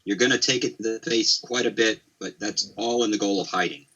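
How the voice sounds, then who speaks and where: Man, game commentator, low-pitched, husky, chatty, rambling. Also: steady tone, fairly quick, sharp tone, lo-fi sound. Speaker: esports commentator.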